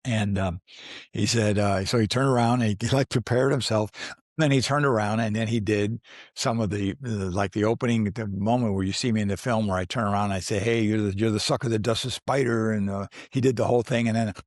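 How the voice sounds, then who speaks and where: A man's voice: lowish voice, steady tone, brisk, no echo, studio quality. A man in his sixties, an actor as a guest, telling stories in a casual interview, rambling, restarting often and laughing as he goes. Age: 60s.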